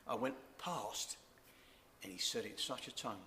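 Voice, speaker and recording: A man's voice: on the low side, normal speed, pushed and bright, a little hiss or hum. An older man sharing a personal faith testimony, earnest and reflective, repeating key words. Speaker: church member giving testimony.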